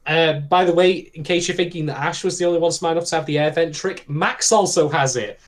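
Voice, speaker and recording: A man's voice: on the high side, fast talker, few pauses. A man co-hosting a podcast, recapping anime episodes in a chatty, swearing style, often laughing as he talks. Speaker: podcast co-host. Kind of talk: casual anime discussion.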